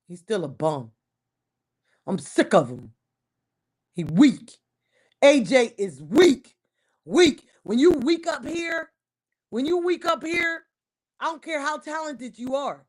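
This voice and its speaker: A woman ranting about her football team on a casual livestream, heated and emphatic, repeating herself and breaking into loud outbursts. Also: sits high. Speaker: livestream host. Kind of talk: casual sports rant on a livestream.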